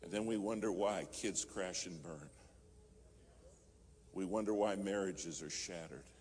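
A man's voice: sits low, measured pace, a little mellow. A man preaching a sermon, telling a story and rising to fervent emphasis. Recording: music playing behind.

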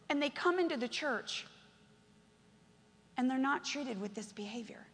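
A woman's voice: high-pitched, expressive, moderate pace. Impassioned woman preaching in a hall. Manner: impassioned, swinging from hushed to shouted, acting out quoted voices. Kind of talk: sermon. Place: church.

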